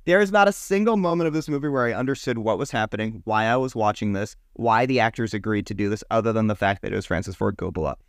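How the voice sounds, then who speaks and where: A man co-hosting a casual podcast chat, animated and mocking as he rants. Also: fairly low pitch, fast, few pauses, dry recording, studio quality. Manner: animated, mocking movie lines in exaggerated readings. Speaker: podcast co-host.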